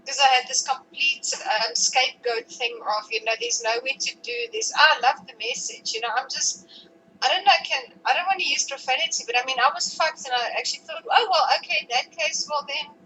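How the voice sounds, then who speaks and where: A woman with a high, bright voice, speaking in an emotional, rambling way. She is a participant in a live group talk, and her speech is full of fillers and restarts. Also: lively intonation, fairly quick, slight background noise, rough recording.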